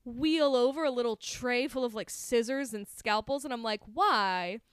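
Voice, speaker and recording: A woman's voice: on the high side, moderate pace, smooth, no echo, clean studio sound. A woman co-hosting a horror movie podcast, recapping a film in casual, laughing chat full of fillers and swearing. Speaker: podcast co-host.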